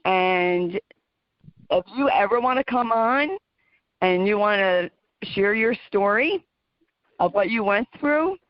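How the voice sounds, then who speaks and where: A woman's voice: mid-range voice, animated, no room sound. Earnest woman hosting a radio talk show. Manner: earnest, emphatic, slows down to stress points. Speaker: podcast host. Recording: dull lo-fi dry audio.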